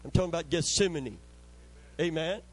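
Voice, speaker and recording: A man's voice: fairly high pitch, moderate pace, slightly rough, rough recording. A man preaching a sermon with fervent, call-and-response delivery, often calling for amens.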